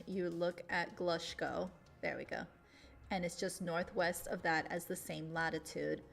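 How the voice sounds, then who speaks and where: A chatty young woman streaming from her desk. Her lowish voice has a gravelly, creaky edge, and she laughs often and gets emotional. Faint music plays quietly behind her. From Latin America. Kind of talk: casual stream chat.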